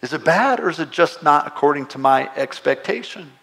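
A man's voice: fairly high pitch, expressive, brisk, vocal fry, sharp tone. A man preaching a sermon as a pastor, talking to his congregation in a conversational way with playful asides, his voice rising emphatically on exclamations.

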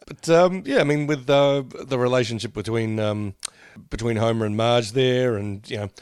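A man's voice: medium pitch, moderate pace, a little mellow, smooth, no room sound, clean studio sound. A man co-hosting a podcast, chatting casually, laughing often and telling rambling anecdotes. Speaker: podcast co-host. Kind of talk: casual chat.

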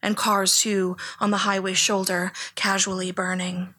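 A woman reading a memoir aloud in second person, in a hushed, even delivery that at times drops toward a whisper. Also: medium pitch, a little slow. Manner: hushed, flat, sometimes close to a whisper. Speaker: audiobook narrator.

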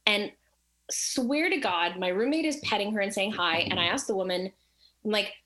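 Speaking at a moderate pace in a medium pitch, a woman shares a personal story in casual conversation. She's animated, performing the voices of the people in the tale.

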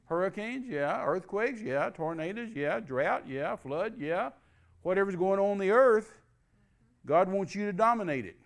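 A man's voice: high voice, lively intonation, a little slow. A man preaching a sermon, emphatic and repetitive, spelling out key words letter by letter.

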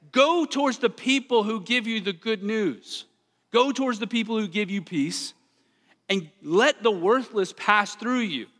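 A man in his thirties preaches with a high, bright and forceful voice. He stays earnest and emphatic, leaning into scripture readings with dramatic weight. The sound rings through a long hall reverb. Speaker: pastor. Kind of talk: sermon.

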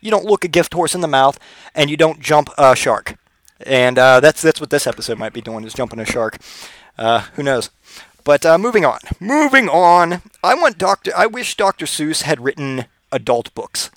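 A man's voice: on the high side, expressive, brisk, no room sound. A man hosting a comedy podcast, delivering a rambling, profane, digressive monologue. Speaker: podcast host.

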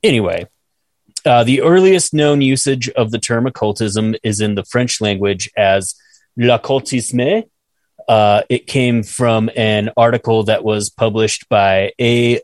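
A man's voice: lowish voice, unhurried, no room sound, studio quality. A man co-hosting a casual podcast, reading his notes aloud, stumbling over French words, swearing and laughing at himself. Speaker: podcast co-host reading research.

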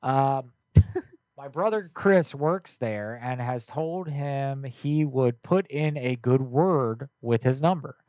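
A young man rambles and jokes loudly while hosting a prank call show. His voice sits in a middle range and sounds close and dry. He talks in a casual, offhand way. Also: mid-range voice, takes it slowly, dry recording. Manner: loud, joking and rambling. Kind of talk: casual livestream chat.

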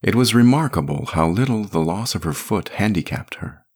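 Deep husky guy reading a story podcast, lots of pitch movement. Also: expressive, normal speed, darkish tone. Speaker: narrator. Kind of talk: scripted story narration.

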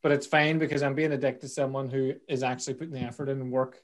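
A man hosts a relaxed interview, talking at a middle pitch. He jokes, swears freely and drifts into rambling asides before he finds his way back to the question. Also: quick pace. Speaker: podcast host. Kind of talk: casual interview chat.

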